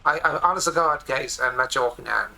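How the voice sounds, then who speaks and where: An Irish streamer in his forties rambles excitedly through casual commentary while playing a game at his home desk. His voice is medium-pitched and creaky, his pace brisk, and the audio quality is poor.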